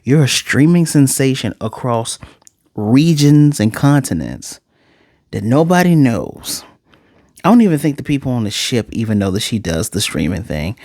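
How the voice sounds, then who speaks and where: A man casually reviewing an anime episode in a sarcastic, animated way, his voice jumping high for emphasis. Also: no room sound, studio quality.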